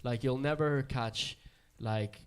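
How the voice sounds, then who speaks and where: A man in casual studio chat, explaining his points in a measured, thoughtful way. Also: medium pitch, smooth. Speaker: rapper guest.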